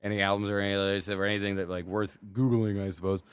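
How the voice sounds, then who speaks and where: A man's voice: on the low side, level tone, fast talker, smooth, no room sound, studio quality. A man, a stand-up comedian, chatting casually on a podcast, rambling and profane.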